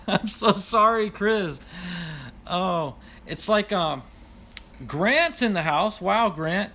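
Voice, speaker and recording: A man's voice: sits high, lively intonation, very slow, long pauses, bright, forceful tone. A man hosting a casual livestream and reading viewer comments aloud, apologetic and self-deprecating, laughing often as he stumbles over names. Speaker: livestream host.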